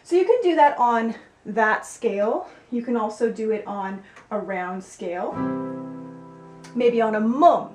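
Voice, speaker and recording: A woman vocal coach giving a singing lesson, explaining clearly and with a playful, upbeat manner. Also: a little high, animated, a little slow, darkish tone. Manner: clear, upbeat instructive delivery with playful demonstrations. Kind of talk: singing lesson with spoken instruction. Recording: roomy echo with faint music.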